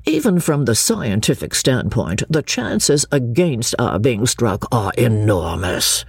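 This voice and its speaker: A reader voicing a pompous male chaplain who lectures slowly and solemnly. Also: medium pitch, sing-song, vocal fry, husky, dry recording, studio quality, voice pushed down, exaggerated voice. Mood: lecturing. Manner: slow, lecturing delivery.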